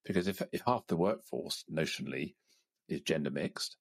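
A male interviewer with a very deep voice speaks in a measured, halting way, restarting his phrases as he goes. The recording is close and dry. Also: creaky, dry recording. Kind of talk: conversational interview.

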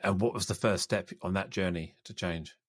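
A male interviewer with a very low, deep voice asks his guest probing questions in a relaxed, conversational way. The sound is dry and close to the mic. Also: normal speed, no echo.

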